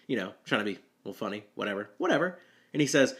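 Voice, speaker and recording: A man's voice: fairly low pitch, expressive, rapid-fire, a bit bright. A young man, a rideshare driver, telling a rambling, self-deprecating story with nervous laughs. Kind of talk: storytelling monologue.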